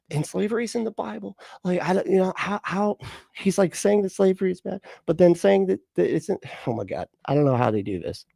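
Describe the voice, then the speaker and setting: A man's voice: high-pitched, lively intonation, fairly quick, gravelly, dark tone, no echo. Sarcastic, foul-mouthed man reacting to a clip. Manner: sarcastic, profane, exasperated rants with many fillers. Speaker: livestream reaction host. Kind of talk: casual reaction commentary.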